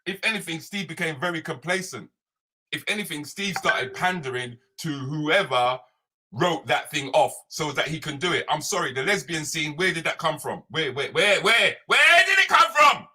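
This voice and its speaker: A British male comedian and social commentator hosts a live show from home, streamed online, launching into an animated solo rant full of repeated points and constant "yeah?" and "right?" His voice is a little high, bright, forceful, and husky at normal speed.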